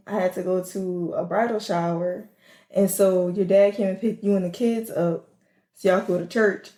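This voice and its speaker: Mid-pitched New woman co-hosting a chat podcast; relaxed and chatty; echoey room. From New Orleans. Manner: chatty, relaxed, filler-heavy. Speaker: podcast co-host. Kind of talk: casual chat. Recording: roomy echo.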